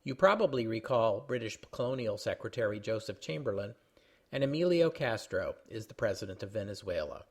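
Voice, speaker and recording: A man's voice: on the low side, lively intonation, brisk, breathy edge. A man hosting a history podcast, explaining the background of a period text in a plain, friendly way. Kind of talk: explanatory commentary.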